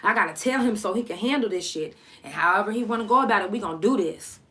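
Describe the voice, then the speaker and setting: A woman's voice: medium pitch, lively intonation, fast talker, a bit bright. A woman podcast host telling a personal story in a candid, blunt, emotional way.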